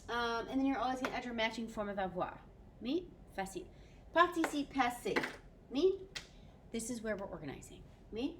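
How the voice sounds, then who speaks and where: A woman's voice: on the high side, expressive, fairly quick, background noise. A woman French teacher recording a video lesson for her students, upbeat and mixing French phrases into her English explanations.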